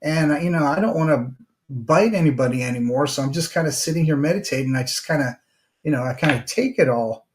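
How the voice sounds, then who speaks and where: A man voicing a once-mean male snake, now meek and battered, talking in a halting, rambling way in a spoken fable. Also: a little high, natural voice.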